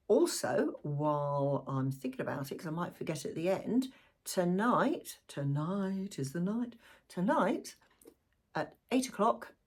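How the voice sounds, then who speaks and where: Chatty croaky-voiced woman. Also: lowish voice. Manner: warm, chatty and lively, with asides to viewers. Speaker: tarot reader. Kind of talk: chatty tarot reading vlog.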